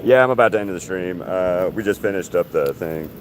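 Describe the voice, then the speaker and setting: A man with a very low voice chats loosely on a livestream, trailing off and restarting as he goes. He is outdoors on grass and talks into a handheld phone, with steady background noise in the recording. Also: a little fast. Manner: rambling, chatty, with many restarts. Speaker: artist hosting a livestream. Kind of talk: casual livestream chat. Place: outdoors on grass walking a dog.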